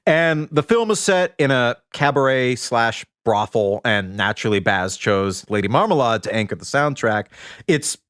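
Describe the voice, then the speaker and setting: A man's voice: mid-range voice, animated, normal speed, a bit bright, clean tone, dry recording, studio quality. A man co-hosting a podcast, telling music and film history in a chatty, storytelling way. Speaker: podcast co-host. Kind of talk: casual chat.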